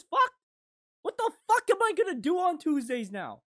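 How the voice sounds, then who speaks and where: Excitable swearing woman, very lively pitch. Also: moderate pace. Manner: excitable, swears a lot, sudden loud outbursts; casual slangy talk, says "bro" a lot. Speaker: anime reaction streamer. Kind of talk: live reaction commentary.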